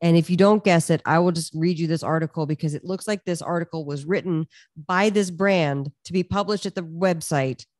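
A woman's voice: lowish voice, brisk, a little mellow, no room sound, studio quality. A woman co-hosting a podcast in casual chat, teasing and laughing as she talks. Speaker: podcast co-host.

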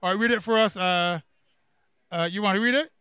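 Barbadian male Bible teacher, high crisp voice, drills the class with questions, dry close sound. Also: sharp tone, no echo. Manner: quizzes the class with quick questions and emphatic repeats. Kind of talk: church camp workbook lesson. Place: camp classroom.

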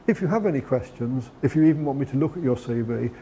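A man delivers a lecture in a relaxed, conversational way, often restarting his sentences. His voice is gravelly and mellow, with a faint hiss of noise underneath. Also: medium pitch, fast talker. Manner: conversational with frequent restarts and fillers. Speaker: guest lecturer. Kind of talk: lecture on preparing a CV.

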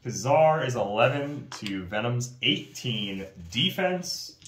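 A man's voice: medium pitch, sing-song, slow pace, fairly bright tone. A man chatting casually while playing a tabletop miniatures game, with mock-dramatic outbursts. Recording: echoey room with faint noise.

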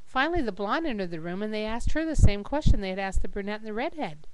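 A woman reading jokes aloud to a webcam at home in a lively storytelling voice, jumping up high for the silly characters. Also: fast talker, smooth, dry recording, poor audio. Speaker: joke teller. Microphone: webcam microphone.

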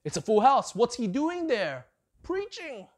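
Male preacher with a lively, swooping voice. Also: high-pitched, normal speed. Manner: asks the congregation many rhetorical questions; expressive, rising and falling delivery. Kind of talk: sermon.

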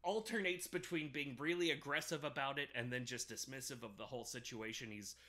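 Bright-voiced man recapping a film. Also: medium pitch, a little fast. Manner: animated retelling with acted-out quotes and laughs. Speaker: podcast co-host. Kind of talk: casual movie recap chat.

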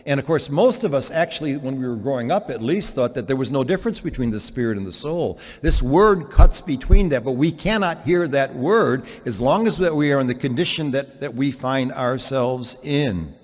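Male priest preaching a homily, very lively pitch, stop-start delivery, long chapel reverb. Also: normal speed, hardly any pauses. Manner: animated preaching with many restarts.

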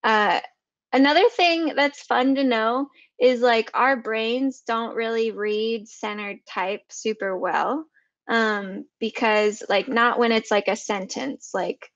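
A woman's voice: a little high, takes it slowly, fairly bright tone, no echo, dull audio. A woman giving a casual design tutorial, chatty and full of fillers and restarts. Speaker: motion designer. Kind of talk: casual screen-share tutorial.

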